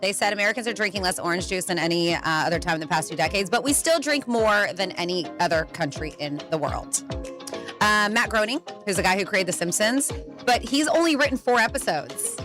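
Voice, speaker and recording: A woman's voice: mid-range voice, expressive, a little fast, music in the background. A woman co-hosting a radio show, reading out fun facts in a chatty, easygoing way from a radio studio. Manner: chatty, laughs easily, trailing restarts. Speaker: radio co-host.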